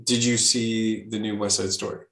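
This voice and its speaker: A man's voice: fairly low pitch, level tone, normal speed, a bit bright. A man hosting an interview, asking questions in a hesitant, filler-heavy way. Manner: hesitant, many fillers and restarts. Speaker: interview host. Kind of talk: casual interview conversation. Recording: echoey room.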